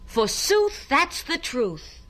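A woman's voice: high voice, expressive, normal speed, sharp tone, voice pushed up, full character voice. A woman voicing a proud, polite male talking spaniel in a storybook, prim and emphatic.

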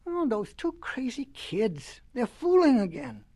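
A woman's voice: on the high side, very animated, measured pace, mellow, no room sound, pitched above the performer's own voice. A woman doing a mumbling, practical pig brother. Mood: muttering. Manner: mumbling to himself. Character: practical, grumbling grown pig brother, male. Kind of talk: storybook reading.

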